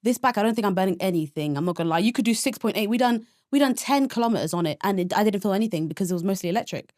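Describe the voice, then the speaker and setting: Young woman, podcast co-host, rapid animated storytelling, dry sound. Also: mid-range voice, dry recording. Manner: animated, fast storytelling with many fillers and squealed quotes. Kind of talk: casual chat, storytelling. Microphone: podcast microphone.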